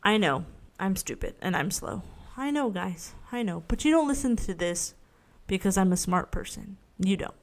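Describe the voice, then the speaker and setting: Chatty woman ranting on her own podcast, swears a ton, laughs at herself, average pitch. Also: expressive, moderate pace. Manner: frank, rambling, swears freely, self-mocking. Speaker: podcast host. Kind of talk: casual solo podcast rant.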